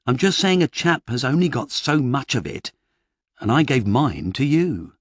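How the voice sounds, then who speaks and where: A man voicing a flustered writer who talks in a fussy, rambling, exasperated way, pitched up from his reading voice, in an audiobook. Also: big pitch swings, moderate pace, slightly rough, dry recording, clean studio sound. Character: flustered middle-aged male fantasy writer.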